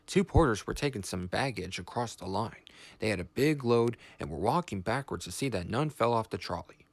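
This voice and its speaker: Man, storybook narrator, measured expressive reading, dry close sound. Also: fairly low pitch, vocal fry, no echo.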